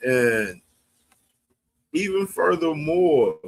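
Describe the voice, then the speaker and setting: A man's voice: on the high side, very animated, extremely slow, vocal fry. A man hosting a boxing livestream, talking in loose, slangy, casual commentary. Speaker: boxing stream host.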